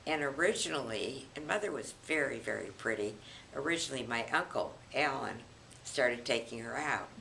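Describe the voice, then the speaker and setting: An elderly woman in her eighties, recounting family memories in an unhurried, reminiscing way as a grandmother being interviewed. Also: a bass voice, lively intonation, creaky, sharp tone, slight background noise, poor audio. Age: 80s. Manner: reminiscing, unhurried, chuckles often.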